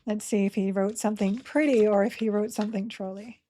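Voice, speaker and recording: A woman's voice: mid-range voice, steady tone, fairly quick, dark tone. A woman streaming a game live, chatting casually with her viewers and her game characters and giggling often. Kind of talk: casual live gameplay commentary.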